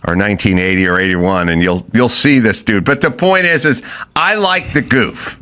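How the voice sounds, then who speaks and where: A man in his fifties or older, from Los Angeles, hosting a casual chat and telling rambling stories, acting out quotes loudly. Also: on the low side, moderate pace, smooth. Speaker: podcast host.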